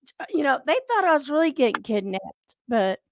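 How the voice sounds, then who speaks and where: A woman's voice: sits high, sing-song, fairly quick. A middle-aged woman with a Southern US accent, hosting a podcast in casual chat, telling stories and laughing often. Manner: chatty storyteller, laughs often. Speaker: podcast host.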